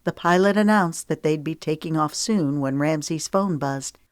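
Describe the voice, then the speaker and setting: A woman narrating an audiobook in an even, measured storytelling manner. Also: deep voice, no echo, clean studio sound.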